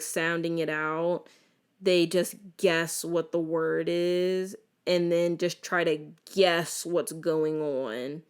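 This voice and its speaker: A young adult woman hosting a casual solo podcast, telling animated stories with lots of restarts. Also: lowish voice, clean tone. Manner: animated, chatty storytelling with many restarts. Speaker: podcast host.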